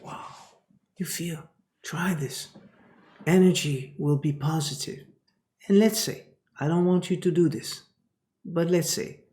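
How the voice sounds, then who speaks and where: A man's voice: on the high side, slow pace, pauses often, dark tone. A man giving a spiritual teaching talk, dropping into whispers and repeating phrases like a chant. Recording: roomy echo.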